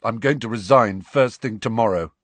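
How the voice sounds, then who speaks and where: A man's voice: on the low side, normal speed, fairly bright tone, no echo. A man voicing a dejected, self-blaming teenage boy in an audiobook, mumbling in a dull voice.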